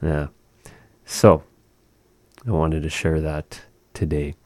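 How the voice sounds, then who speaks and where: Slow, deep-voiced man teaching words. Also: steady tone, a little mellow, dry recording. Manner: slow, patient, repeating words for practice. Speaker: language teacher. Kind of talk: language lesson.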